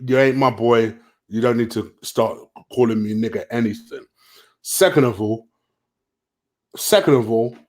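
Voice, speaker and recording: Give me a sarcastic man venting in a vlog rant, lively pitch and fiery. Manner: heated, profane, sarcastic. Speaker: football vlogger. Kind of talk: late-night vlog rant.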